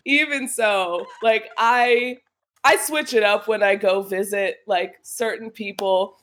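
A young woman in casual conversation, relaxed, often saying "like" and laughing easily. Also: medium pitch, slow. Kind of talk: casual chat.

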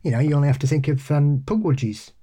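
A man co-hosting a podcast in casual chat, halting and repeating his words, often laughing. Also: on the high side, animated, dark tone, breathy edge. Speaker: podcast co-host. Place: pub.

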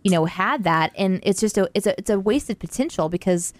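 A woman's voice: medium pitch, animated, a little fast, no echo. A woman co-hosting a casual movie review chat, talking in loose, eager runs full of likes.

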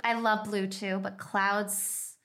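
A woman hosting a podcast interview, chatting like an excited fan, then reading her outro. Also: medium pitch, slow pace. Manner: gushing, enthusiastic fan. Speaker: podcast host. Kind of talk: casual interview and scripted outro.

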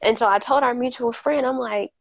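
A woman's voice: a little high, brisk, creaky, no room sound, highs cut off. A woman guest on a podcast telling a personal story candidly and animatedly, acting out what people said. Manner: candid, animated, acts out quoted dialogue. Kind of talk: casual storytelling chat.

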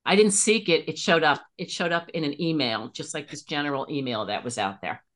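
A middle-aged woman talks as a podcast guest in a fairly low voice. She tells her stories with animation and jumps much higher when excited. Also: brisk. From Pennsylvania. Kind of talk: casual interview chat.

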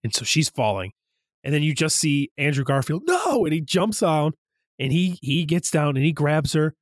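A young man co-hosting a casual podcast, excitedly retelling movie scenes and jumping into high voices for quotes. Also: moderate pace, no room sound, studio quality. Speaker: podcast co-host.

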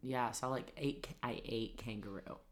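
A woman with a bass voice co-hosts a podcast, talking at a moderate pace. Her casual chat is chatty and packed with "like" fillers.

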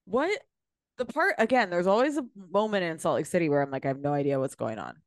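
A woman co-hosting a casual podcast chat about reality TV, animated and swearing, acting out quotes. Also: lowish voice, quick pace, no room sound, clean studio sound. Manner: animated, swearing, acts out quotes of cast members. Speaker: podcast co-host.

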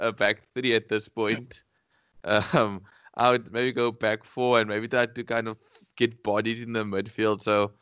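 Low, smooth-voiced man talking football. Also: fairly bright tone, dry recording, highs cut off. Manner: hesitant, thinking aloud with many restarts. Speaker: podcast co-host. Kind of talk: casual football chat.

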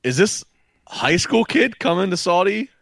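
A man's voice: high voice, very animated, unhurried, a bit bright, no room sound. A man co-hosting a podcast, rambling through wrestling talk and restarting his sentences. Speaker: podcast co-host. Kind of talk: casual wrestling chat.

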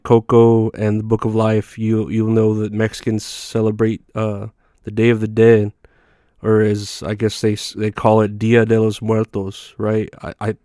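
A man's voice: on the low side, darkish tone, clean tone, no echo, clean studio sound. A young man hosting a podcast, rambling through a profane comedic rant with lots of fillers and restarts. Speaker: podcast host.

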